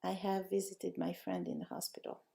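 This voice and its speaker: Encouraging language teacher, gravelly warm voice. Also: female voice, on the low side, big pitch swings, moderate pace. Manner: encouraging, praises students often; reads out student answers and corrects them. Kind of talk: live online language lesson.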